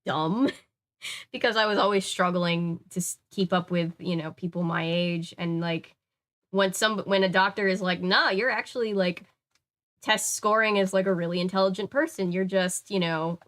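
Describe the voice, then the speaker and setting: A woman's voice: fairly low pitch, fairly even intonation, normal speed, a bit bright. A woman from Louisiana with a slight Southern US accent, chatting casually on a stream, rambling with many fillers. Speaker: streamer reading viewer comments. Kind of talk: casual live-stream chat.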